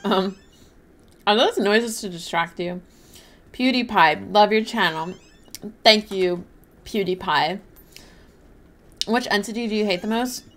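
A woman's voice: medium pitch, unhurried, long pauses, fairly bright tone. A young woman livestreaming a game, chatting casually and apologetically while reading and thanking her chat. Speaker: livestreaming gamer.

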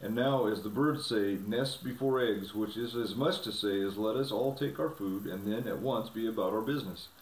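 A wise old raven, croaking and measured, voiced by a man reading aloud. A roomy echo hangs around the voice. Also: fairly low pitch, close to an everyday voice. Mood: grave. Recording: roomy, from a distance.

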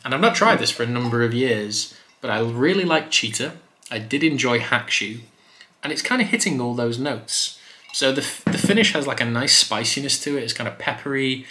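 A man talks through a whisky review in an easy, chatty way, with plenty of fillers along the way. His voice has a bright, forward edge. The room around him adds a noticeable echo. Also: mid-range voice, moderate pace, a little hiss or hum. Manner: chatty, relaxed, loose with fillers. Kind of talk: casual review vlog. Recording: roomy echo.

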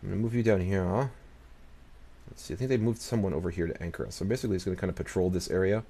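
A man's voice: deep voice, very fast, warm tone, slightly rough. A man giving casual let's-play commentary as he plays, muttering to himself, talking back to the game's nations and swearing now and then. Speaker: gaming channel host.

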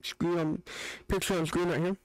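A man's voice: sits high, level tone, moderate pace, no room sound, low-quality recording. A young man hosting a reaction video, joking and ranting in casual, rambling commentary. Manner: joking, rants with restarts.

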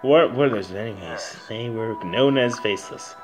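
A man voicing a stern older-brother prince in a video game, low and measured. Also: over music, natural voice, poor audio. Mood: solemn. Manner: low, measured, solemn storytelling.

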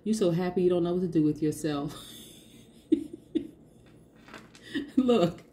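Woman, tarot reader, casual, chatty, emphatic, lowish mellow voice. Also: measured pace, slight background noise. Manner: chatty, emphatic, repeats herself, laughs often.

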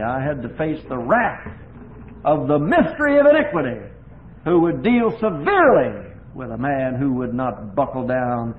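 Gravelly older man preaching a sermon. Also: mid-range voice. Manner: impassioned, swings between hushed and loud emphatic. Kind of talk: sermon with personal testimony. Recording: tinny lo-fi recording with faint hiss.

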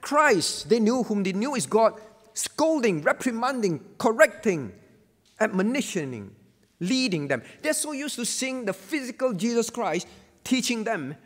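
A man's voice: extremely high pitch, sing-song, a little slow, long reverb tail. A man pastor giving a Bible lesson sermon, emphatic and repeating key phrases to drive them home.

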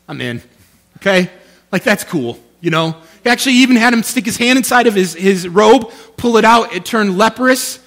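A male pastor preaching a sermon in an animated, conversational way, often checking in with his listeners. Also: high-pitched, normal speed.

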